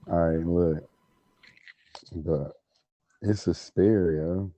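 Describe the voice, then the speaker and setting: A man on a video chat, talking in a slow, laid-back way. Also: low voice, fairly even intonation, mellow, dry recording. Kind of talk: casual chat.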